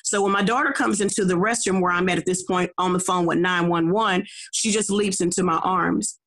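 A middle-aged woman evangelist, appearing as a guest, tells her personal testimony with emphasis, a little fast, in a low-side, fairly bright voice with fairly even intonation. She often repeats and restarts her words and keeps checking in with her listeners.

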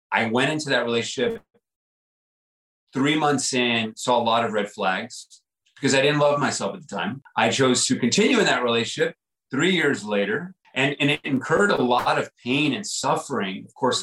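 A man's voice: mid-range voice, lively intonation, normal speed, a bit bright, reverberant, poor audio. A man guest on a podcast, telling a personal story in an earnest, reflective way, often repeating himself and saying "like" and "right?".

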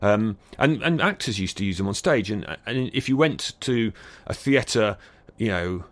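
A man's voice: fairly low pitch, expressive, a little slow, dry recording. A man with a mild received-pronunciation British accent, explaining things thoughtfully as an interview guest, with fillers and restarts. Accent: near-received pronunciation British. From Britain. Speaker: guest expert on acoustics. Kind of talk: conversational interview answers.

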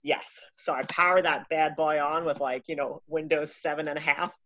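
A woman telling a casual anecdote in a profane, animated, self-mocking way. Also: low voice, moderate pace, dry recording, lo-fi sound. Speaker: storyteller.

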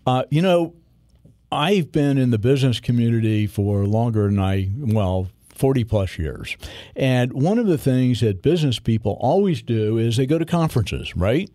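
Mellow-voiced podcast host, man in his 60s, rambly with fillers, dry close sound. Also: mid-range voice, lively intonation, normal speed, dry recording. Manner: rambling, many fillers and restarts. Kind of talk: casual podcast chat.

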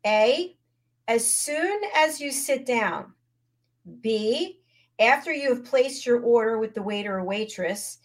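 A woman hosting a relaxed talk show, leading the chat with friendly questions. Her voice sits a little high, and she reads out quiz items evenly. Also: slow. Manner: friendly, steering the conversation with questions. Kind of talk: casual chat show conversation.

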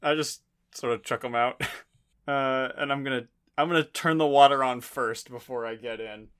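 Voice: medium pitch, moderate pace, a bit bright, clear, resonant tone. A player in a tabletop game, talking casually about their character and laughing often.

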